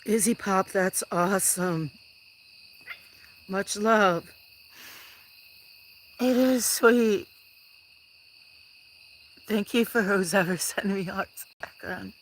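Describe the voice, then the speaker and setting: A woman hosting a casual livestream from her farm, soft-spoken and touched, chatting with viewers. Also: medium pitch, fairly even intonation, unhurried, a little hiss or hum, poor audio. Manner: soft-spoken and emotional, thanking viewers warmly. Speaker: livestream host. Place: outdoors on a small farm.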